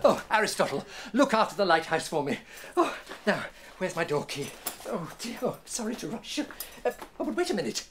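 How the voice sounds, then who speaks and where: A flustered eccentric inventor, lively swooping highish voice, grandly theatrical. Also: male voice, brisk, background noise. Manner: theatrical, exclamatory, invents fancy words. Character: dotty excitable male inventor, flustered and grand. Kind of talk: children's TV acting.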